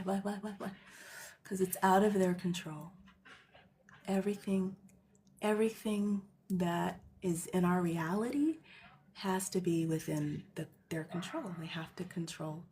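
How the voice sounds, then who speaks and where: Woman host, casual livestream monologue; gravelly fry, animated, rambling, emphatic. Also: mid-range voice. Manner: rambling, emphatic, tags lines with "okay?"; animated, jumps between loud and hushed.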